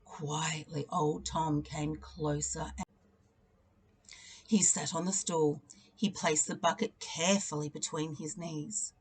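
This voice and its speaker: A teacher reading a children's picture book aloud, telling the story expressively and leaning into its repeated refrains. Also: female voice, low-pitched, steady tone, takes it slowly, a little mellow, husky.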